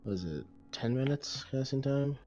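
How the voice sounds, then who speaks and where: A man narrating as game master of a tabletop game, pausing often and filling gaps with "uh" and "like" as he describes the scene. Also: mid-range voice, expressive, darkish tone, poor audio. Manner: hesitant, full of pauses and fillers. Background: faint background music.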